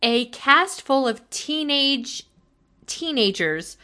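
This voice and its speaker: A woman's voice: sits high, very animated, slow, pushed and bright. A woman co-hosting a casual chat about a TV show, talking animatedly and acting out lines of dialogue. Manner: chatty, restarts sentences, acts out quotes. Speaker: podcast co-host.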